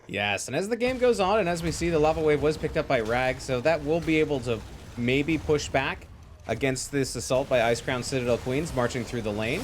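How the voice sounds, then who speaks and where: A man casting a live esports match, excitable and jokey, quick to laugh and riff on the action. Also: medium pitch, slight background noise. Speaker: esports play-by-play caster. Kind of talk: lively live game commentary.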